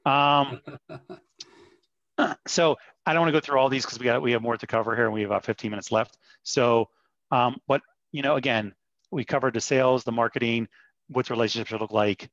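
A man's voice: mid-range voice, fairly even intonation, fairly quick, fairly bright tone, no room sound. A man presenting as a vendor in a webinar, upbeat and persuasive with frequent restarts. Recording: dull muffled dry audio.

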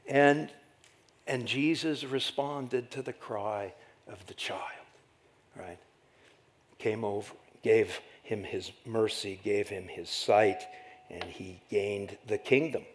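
A middle-aged man preaching a sermon as pastor, animated and rhetorical, often tagging lines with "right?". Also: medium pitch, slow pace, gravelly, pauses often. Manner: animated, rhetorical "right?" asides, dramatic acted quotes.

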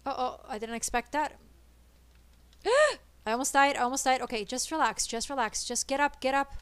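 A woman streaming a co-op game, chattering nervously and excitedly as she plays. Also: high voice, fast, clear, resonant tone, no echo. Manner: excitable, nervous, switches between English and Italian. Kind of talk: live gameplay chatter.

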